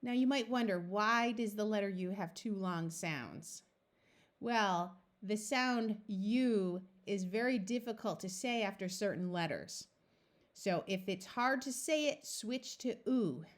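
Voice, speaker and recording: A woman's voice: medium pitch, unhurried. A woman reading tutor teaching a phonics lesson, patiently sounding out letters and words one by one.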